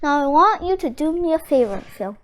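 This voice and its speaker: A reader voicing an excitable, cheerful male sea sponge cook who talks with heroic bravado. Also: sits high, brisk.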